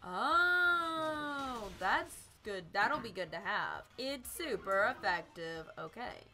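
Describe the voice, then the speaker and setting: A woman's voice: on the high side, animated, slow pace, sharp tone, soft background music. A young woman from South Carolina, chatting and giggling through a live game stream. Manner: bubbly, giggly, chatty with chat. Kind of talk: live gameplay commentary.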